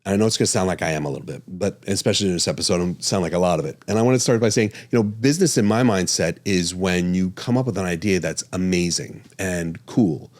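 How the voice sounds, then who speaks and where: A man's voice: sits low, fast talker, few pauses, darkish tone. A man hosting a podcast, talking casually and animatedly, chuckling and correcting himself as he goes. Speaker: podcast host and physician.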